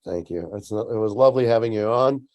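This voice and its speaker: A man hosting a podcast interview in a relaxed, chatty way, often letting his sentences trail off softly. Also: lowish voice, quick pace, muffled recording. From Tucson, United States. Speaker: podcast host. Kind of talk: casual interview chat.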